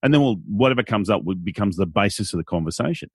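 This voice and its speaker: Australian male MC guest, husky mid voice, dry close sound, animated. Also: fairly low pitch, fast talker, no echo. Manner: animated, playful, acts out quotes in silly voices. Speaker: guest, event MC. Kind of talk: conversational interview.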